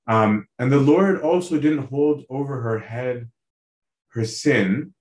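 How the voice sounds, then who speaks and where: Male priest, sermon delivery, earnest and chatty, mid-pitched voice, roomy echo. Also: takes it slowly, darkish tone. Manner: earnest, asks listeners direct questions; conversational, tags lines with "right?". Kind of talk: sermon on a Bible passage.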